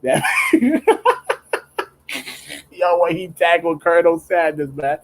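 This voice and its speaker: Very animated and slow, this young man's voice sits on the high side, and the audio is poor. He's a streamer on a late-night livestream from his home studio, chatting casually as he draws; he laughs a lot, rambles with many restarts, and uses slang.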